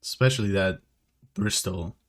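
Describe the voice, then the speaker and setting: Soft-spoken man, English not his first language. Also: low voice, normal speed. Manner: hesitant, repeats words, soft-spoken. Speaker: podcast co-host. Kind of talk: casual chat.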